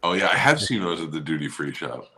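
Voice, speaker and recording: A man's voice: extremely low pitch, big pitch swings, fast, bright, forceful tone, husky. A man co-hosting a podcast in casual, profane, rambling chat full of jokes. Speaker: podcast co-host.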